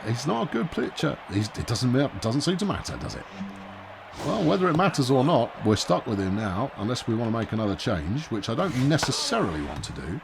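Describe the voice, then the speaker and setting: Very animated and brisk, a man with a gravelly, medium-pitched voice plays a baseball video game while hosting a gaming video. His let's-play commentary is wry and chatty, often spoken to himself, with background noise behind him.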